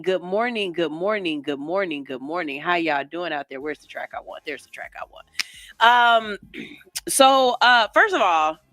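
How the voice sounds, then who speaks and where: A woman's voice: mid-range voice, sharp tone, no room sound. A woman hosting a morning radio show, rambling loosely, cursing casually and laughing at herself, on a studio microphone.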